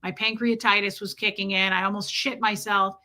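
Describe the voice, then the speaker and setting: A woman hosting a casual livestream, reading out viewer comments and telling stories in a profane, animated way. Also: mid-range voice, fairly quick. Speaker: livestream host.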